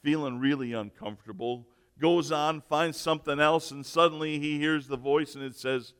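A man preaching a sermon, slow and emphatic, moving between loud declarations and near-whispers. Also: on the high side, clean tone. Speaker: pastor. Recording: echoey hall.

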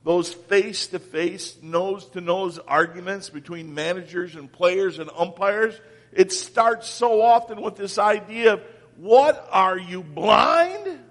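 A man preaching a sermon as pastor, swinging from loud calls down to near-whispers. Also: high-pitched, fairly even intonation, unhurried, big-room sound.

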